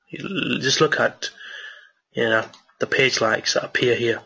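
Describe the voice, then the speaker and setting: A man teaching a screen-share marketing tutorial and answering viewer questions, excited and repetitive, with lots of restarts, late at night. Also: medium pitch, takes it slowly, vocal fry, pauses often, breathy edge, highs cut off. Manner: enthusiastic, repeats himself, many restarts.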